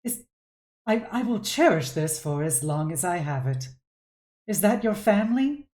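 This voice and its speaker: Woman playing a polite, quietly menacing stranger, smooth delivery. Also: fairly low pitch, sing-song, a little slow, reverberant. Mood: sweetly menacing. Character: sinister polite middle-aged woman.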